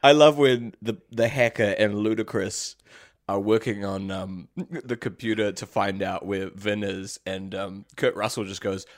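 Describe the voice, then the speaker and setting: A man co-hosting a casual movie podcast, sarcastic and quick to swear. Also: on the low side, fairly even intonation, no room sound, studio quality. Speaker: podcast co-host.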